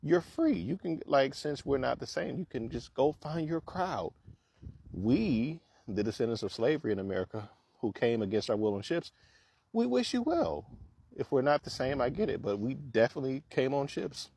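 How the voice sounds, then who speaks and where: A man's voice: medium pitch, very animated, moderate pace, gravelly, darkish tone, husky. A man giving a conversational, lecturing explanation while walking outdoors. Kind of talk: casual explanatory talk.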